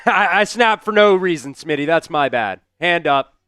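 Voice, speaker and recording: Frustrated and swearing, the man doing live play-by-play on a football watch-along stream vents at his team and fires back at the chat in casual commentary. His voice is fairly high, expressive and sharp yet clear and resonant, at normal speed. The recording is studio quality with no room sound.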